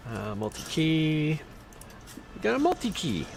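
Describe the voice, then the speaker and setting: A man's voice: a little high, huge pitch swings, a little slow, gravelly, a little hiss or hum. A man streaming a video game, chatting casually with viewers, reading out loot and skill text and teasing his chat. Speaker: livestreamer. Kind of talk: casual gameplay commentary.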